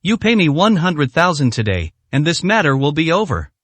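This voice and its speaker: A man's voice: on the high side, sing-song, moderate pace, a bit bright, no room sound. A man voicing an arrogant, contemptuous rich woman in a read-aloud story. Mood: scornful. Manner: haughty, contemptuous. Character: arrogant rich woman, spoiled son's mother.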